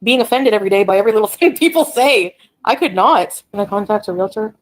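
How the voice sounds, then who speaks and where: A woman's voice: mid-range voice, animated, fast, rough recording. A woman on a casual livestream, talking bluntly, ranting and reading chat aloud.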